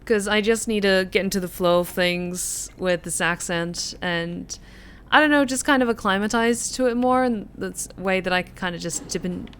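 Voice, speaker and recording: An Australian woman streams a game and greets her viewers while speaking in a put-on neutral American accent as herself. Her voice is medium-pitched, fairly bright and close to everyday speech, at a moderate pace with slight background noise.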